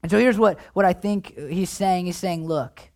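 A man preaching a sermon as pastor, earnest, often restarting words and dropping quiet at the ends of phrases. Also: high-pitched, normal speed, gravelly. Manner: acts out quoted voices, drops quiet at phrase ends.

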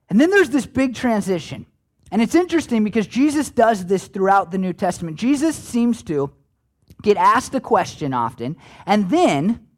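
A man preaching a sermon in a conversational, folksy way with playful asides. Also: high voice. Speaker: pastor.

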